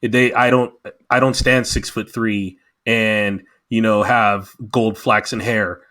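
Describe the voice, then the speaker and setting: An American man co-hosting a casual review chat, emphatic and animated, often acting out quotes. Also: lowish voice, takes it slowly. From United States. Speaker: podcast co-host.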